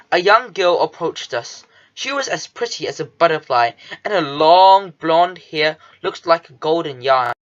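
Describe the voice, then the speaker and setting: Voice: medium pitch, fairly bright tone, dull audio. A reader narrating a children's storybook in the first person, with a nervous, fussy manner. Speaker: audiobook narrator.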